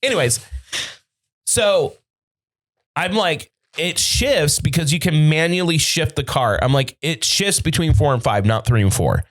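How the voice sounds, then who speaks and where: Animated, profane man telling a story. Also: fairly high pitch, unhurried. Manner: profane, animated storyteller acting out quoted dialogue. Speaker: podcast host. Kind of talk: casual storytelling chat. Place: podcast studio.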